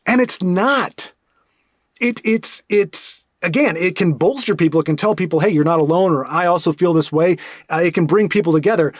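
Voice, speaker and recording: A man talking in a casual, rambling monologue, animated and full of restarts and asides. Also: on the high side, fairly quick, no echo, studio quality. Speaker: podcast host.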